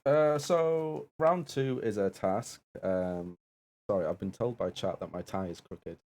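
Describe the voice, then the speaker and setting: A man's voice: fairly low pitch, unhurried, darkish tone. A man co-hosting a live-streamed game show, moving things along with jokey, self-mocking remarks. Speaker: game show assistant and co-host.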